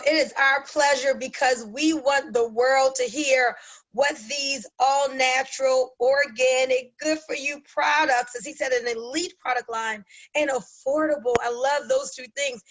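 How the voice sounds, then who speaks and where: High-pitched female webinar host, energetic and persuasive, pitching products to guests. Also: a little slow, low-quality recording. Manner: emphatic, persuasive, addresses listeners as guys. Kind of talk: enthusiastic sales pitch.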